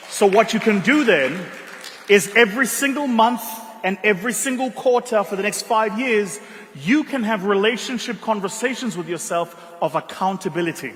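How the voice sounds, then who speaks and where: A man from South Africa giving a motivational keynote speech, telling stories with dramatic pauses and quiet emotional passages. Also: high voice. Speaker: keynote speaker. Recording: reverberant hall.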